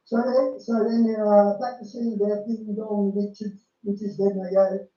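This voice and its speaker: A man's voice: sits high, level tone, normal speed, warm tone. A man giving casual, emphatic religious commentary, repeating and restarting his phrases. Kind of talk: casual preaching commentary on a film. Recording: dull, lo-fi, roomy sound from a distant mic.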